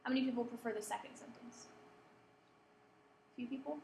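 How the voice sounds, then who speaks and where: This workshop presenter's voice is fairly high, brisk, gravelly and a little mellow as she lectures students, checking in and taking polls of the room. The recording has an echoey room and a faint background hum.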